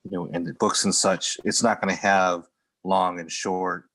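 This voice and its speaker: A man in an online class asks a quick question in a casual, somewhat hesitant way. His voice is very low. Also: little pitch movement, a bit bright, poor audio. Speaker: student asking a question.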